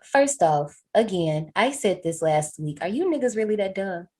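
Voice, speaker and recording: A woman's voice: medium pitch, animated, normal speed, darkish tone. A woman co-hosting a podcast, recapping a horror film in a playful, frank, slangy way and laughing often. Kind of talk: casual chat, film recap.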